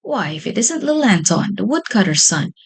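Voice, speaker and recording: A very stout, jolly cabbage, out of breath and puffing out her words in a raised, bright voice, as a woman storyteller puts her on. She sounds hearty and chatty, a storybook character. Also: medium pitch, very animated, a little fast, gravelly, breathy edge, full character voice.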